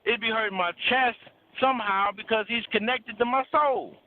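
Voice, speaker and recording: A man's voice: extremely high pitch, moderate pace. A man speaking bluntly and preachily, with profanity and repeated words for emphasis, in a casual talk about relationships over a call. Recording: tinny phone-like line.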